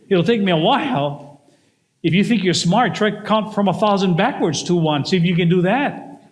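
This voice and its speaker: An older man preaching a sermon to his church, telling stories and acting out the voices in them. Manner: storytelling with acted-out voices and big pitch swings. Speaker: pastor. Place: church sanctuary. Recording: long hall reverb.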